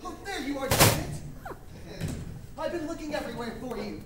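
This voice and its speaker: A woman's voice: high-pitched, lively intonation, fairly quick, roomy sound, distant mic, noisy background. A woman playing an earnest lovesick groom. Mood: pleading. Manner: earnest, pleading. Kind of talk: musical theater acting.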